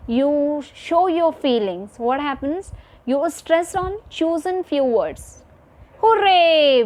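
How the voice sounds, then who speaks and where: A woman's voice: high-pitched, a little mellow. A woman teacher giving a recorded video lesson to children, repeating each point and checking in with "fine" and "okay".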